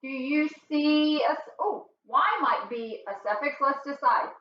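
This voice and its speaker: A woman teacher leading a classroom phonics lesson, patient and encouraging, recorded in a classroom. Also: sits high. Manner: patient, encouraging, slow and drawn-out. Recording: roomy and dull, from far off.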